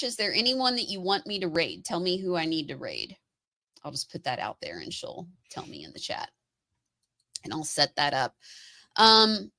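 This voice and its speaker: A woman's voice: fairly low pitch, pushed and bright, no echo. A woman co-hosting a live stream, chatting casually, laughing often and telling stories with energy. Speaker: co-host of a live stream show. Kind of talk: casual chat.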